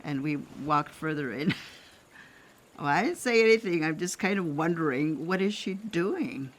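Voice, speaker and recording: An older woman from Canada, an elder telling a personal story in a gentle, reflective way, pausing often and laughing softly. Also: low-pitched, expressive. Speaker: elder sharing traditional teachings.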